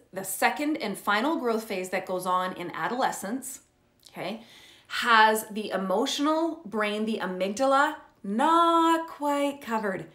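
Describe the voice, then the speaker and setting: A woman's voice: a little high, pushed and bright. Earnest woman coach in an echoey room. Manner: earnest, checks in with frequent "okay?" and "right?". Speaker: parenting coach. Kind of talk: teaching talk to parents. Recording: roomy echo.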